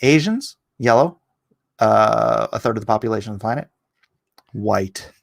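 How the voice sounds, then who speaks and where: A middle-aged man hosting a livestream, talking in a rambling, sarcastic opinion monologue that jumps up in pitch when he gets indignant. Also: moderate pace, vocal fry, no echo, clean studio sound. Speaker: livestream host.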